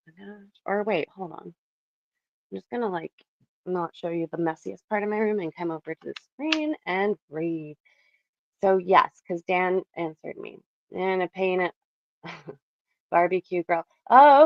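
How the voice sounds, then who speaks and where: A chatty young woman from Canada talks to her stream chat from her bedroom, animated and quick to laugh. Her voice sits fairly low. The sound is dry and a bit dull and lo-fi. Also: dry recording. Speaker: livestreamer. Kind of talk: casual livestream chat. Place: home bedroom.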